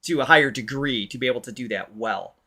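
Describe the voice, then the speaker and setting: A man's voice: medium pitch, fast talker, pushed and bright. A man co-hosting a music reaction show as vocal coach, chatting animatedly and laughing often. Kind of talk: casual music reaction chat.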